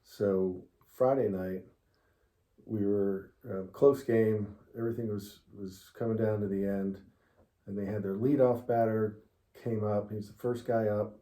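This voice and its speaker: A middle-aged man tells a story in a relaxed interview, laughing as he talks. His voice is low and dark. The room gives it an echoey, roomy sound. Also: unhurried. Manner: animated storyteller, laughs often. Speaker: interviewee, father of the host. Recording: roomy echo.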